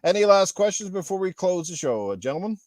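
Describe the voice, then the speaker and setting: A man's voice: high voice, sing-song, fast talker, darkish tone, dry recording. A man hosting a gaming podcast, greeting chat viewers in a friendly casual way. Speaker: podcast host.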